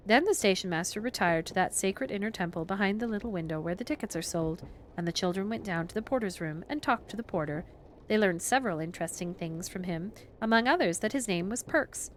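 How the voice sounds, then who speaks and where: A woman reading a children's story aloud in a calm, gentle, measured way for relaxation. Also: mid-range voice, slight background noise.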